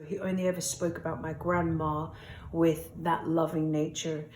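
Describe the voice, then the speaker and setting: A woman vlogging casually to camera while traveling, shifting between playful chatter and quiet emotion. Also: deep voice, flat delivery, normal speed, reverberant, a little hiss or hum. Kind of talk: casual vlog talk to camera. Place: outdoors at cemeteries.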